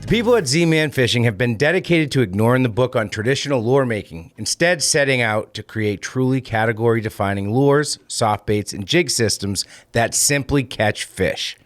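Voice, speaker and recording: A man hosting a fishing podcast, giving short reactions and then reading a sponsor spot smoothly. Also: mid-range voice, lively intonation, moderate pace, hardly any pauses, dry recording, soft background music. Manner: brief reactions, smooth ad read. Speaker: podcast host. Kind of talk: casual chat, reads ad.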